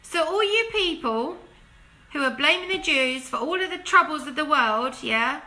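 Bright, forceful preachy woman. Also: animated, normal speed. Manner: emphatic, preachy, full of rhetorical questions; drops to a hushed, low plea when urging repentance. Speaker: Christian video commentator. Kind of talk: impassioned direct-to-camera monologue.

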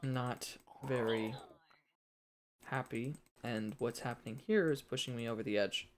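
This is gaming commentary from a man doing a late-night let's play at home, exasperated and talking under his breath while he plays. He speaks at a measured pace in a medium pitch, over a noisy track full of keyboard clicks.

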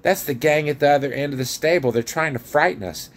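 Man doing grumbling, suspicious storybook dwarfs. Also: fast talker. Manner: loud, scoffing and higher-pitched than the narration. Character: suspicious, stubborn male dwarfs, gruff and grumbling.

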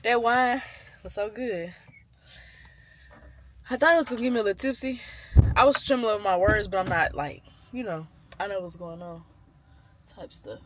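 A woman's voice: mid-range voice, normal speed, pauses often, a little hiss or hum. A woman of twenty talking casually to camera in a slangy, chatty, laid-back way, recorded on a phone or small camera held close. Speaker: vlogger. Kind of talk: casual vlog talk to camera.

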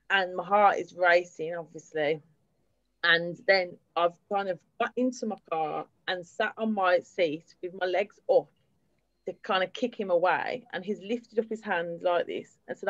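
With a lowish voice, a woman candidly relates her experience as a survivor at a public event, keeping a steady delivery with fillers. The sound is lo-fi and dry.

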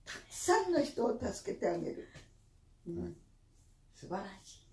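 Old grandma gushing over her grandkid, sing-song mellow voice, echoey room at home. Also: medium pitch, sing-song, fast, background noise. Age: older. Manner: doting, warmly praising. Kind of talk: casual family talk. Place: indoors at home. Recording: roomy room echo.

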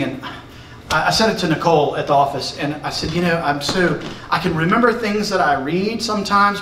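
A man giving a church lesson to his congregation, excitable and emphatic, sometimes shouting. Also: fairly high pitch, distant mic, a little hiss or hum. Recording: roomy echo, recorded from afar.

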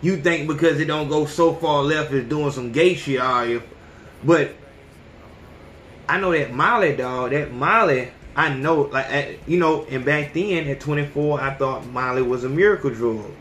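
A man's voice: a little high, moderate pace, a bit bright, roomy sound, slight background noise. A man in his thirties hosting a podcast, talking bluntly and profanely in a casual, preachy monologue. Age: 30s. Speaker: podcast host.

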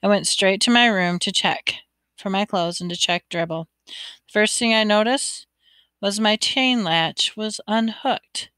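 A woman reading a children's storybook aloud in first person, expressive and lively. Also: mid-range voice, measured pace, clean tone, no echo. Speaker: audiobook reader.

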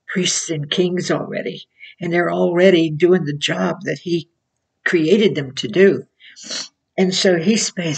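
A woman preaching in an informal sermon, telling her points as slow stories and laughing often between phrases. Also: on the low side, slightly rough. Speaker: Christian teacher. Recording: voice from far off the mic.

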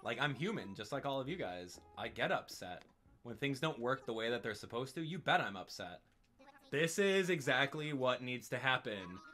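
Excitable, lively man streaming a game. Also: medium pitch, normal speed. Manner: excitable, exclaiming and ranting in frustration. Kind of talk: live gaming stream commentary.

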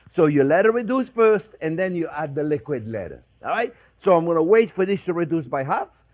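Chatty man cooking in a kitchen. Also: fairly high pitch. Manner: chatty, talks straight to viewers as friends. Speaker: chef, cooking show host. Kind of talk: casual cooking demonstration. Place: studio kitchen.

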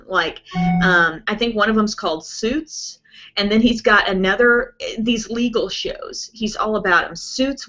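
A woman beauty vlogger chats loosely through viewer questions on a live stream. She rambles along with plenty of fillers, and her voice is bright and a little sharp. The stream audio is dull and lo-fi. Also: mid-range voice. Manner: chatty, rambling, with many fillers like "um" and "like". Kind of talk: casual chat answering viewer questions.

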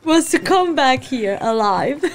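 Woman, gaming host, casual reaction chat; slow, very animated, gushing and easily moved. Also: high voice. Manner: gushing, emotional, easily delighted. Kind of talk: casual let's-play reaction commentary.

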